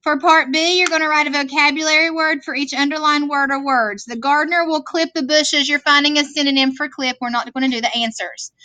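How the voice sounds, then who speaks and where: A woman's voice: high voice, steady tone, fairly quick, hardly any pauses, pushed and bright, dry recording. A woman teaching a vocabulary lesson, patiently explaining words and checking in with "okay?". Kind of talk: classroom worksheet lesson. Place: classroom screen recording.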